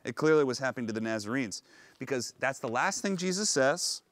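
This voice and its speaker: A male pastor preaching a sermon on location, retelling a story in an animated, conversational way. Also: medium pitch, fairly quick, dry recording. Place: on location at an ancient synagogue.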